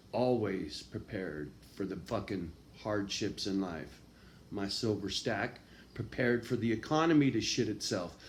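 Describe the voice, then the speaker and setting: A man in a raw, confessional monologue, swearing constantly and swinging from quiet, low talk to loud, angry outbursts. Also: slight background noise. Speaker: vlogger.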